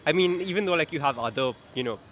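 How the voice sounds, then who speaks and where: A man with an Indian accent chatting in a relaxed way as an interviewee on a city street, full of fillers. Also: a little high, fast talker. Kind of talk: casual street chat. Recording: clear street traffic noise.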